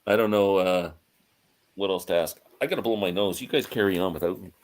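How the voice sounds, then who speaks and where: A man's voice: deep voice, a little fast. A man hosting a casual live-stream chat, talking with enthusiasm, laughing often and reading out viewer comments.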